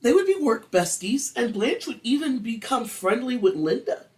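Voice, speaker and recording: A podcast host telling a true-crime story in a casual, animated, crude way. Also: mid-range voice, moderate pace, recorded from a distance. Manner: animated, crude, acts out quotes.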